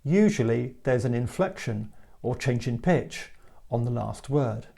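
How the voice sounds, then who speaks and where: A man teaching a spoken English lesson, explaining word stress clearly and acting out example sentences. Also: medium pitch, animated, unhurried, warm tone.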